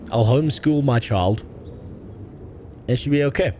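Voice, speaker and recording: A man's voice: medium pitch, measured pace, warm tone, slight background noise. A man streaming a game, reading the dialogue aloud and making crude, profane jokes. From South Africa. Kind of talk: casual gaming stream commentary.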